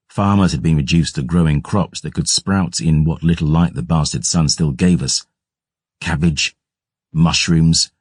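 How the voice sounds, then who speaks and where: A man giving gruff, measured first-person audiobook narration. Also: rumbling low, darkish tone, no room sound, clean studio sound.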